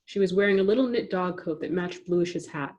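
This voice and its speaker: A woman narrates a chapter book in a steady, measured way. Her voice sits a little low for a woman, and her reading stays even from line to line. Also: muffled recording. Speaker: audiobook narrator. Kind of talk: scripted narration.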